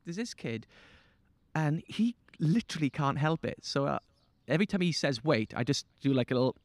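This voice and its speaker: A man's voice: on the high side, expressive, fairly quick, no room sound. A man from England, a teacher co-hosting a casual chat podcast, telling stories animatedly and mimicking his pupils.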